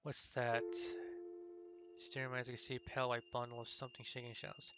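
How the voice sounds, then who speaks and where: A man's voice: mid-range voice, little pitch movement, a little fast. A man playing a text adventure game, reading the story aloud and muttering comments to himself as he plays. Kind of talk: let's play commentary and read-aloud narration.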